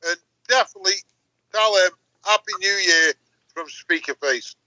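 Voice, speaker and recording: A man's voice: high voice, normal speed, bright, forceful tone, no echo, highs cut off. An older English man teasing the others on a stream in casual chat, repeating himself for effect. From England. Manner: teasing, repetitive. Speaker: guest streamer.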